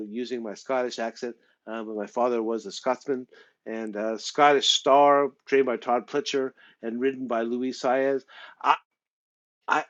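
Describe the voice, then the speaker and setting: A man's voice: mid-range voice, highs cut off. A man hosting a horse racing handicapping show, rambling along with lots of repeated words and fillers. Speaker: show host.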